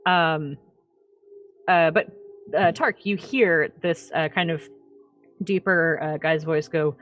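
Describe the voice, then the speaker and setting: A woman's voice: sits low, takes it slowly, pauses often, no echo, soft background music. A woman narrating a tabletop game as game master, chatty with many fillers and laughs.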